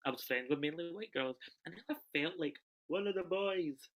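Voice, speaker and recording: A young man from the UK performs an autobiographical monologue over a video call. His delivery swings between loud, charged bursts and quiet, hushed lines. His voice sits fairly high and has a bright, sharp edge. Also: brisk. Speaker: solo performer.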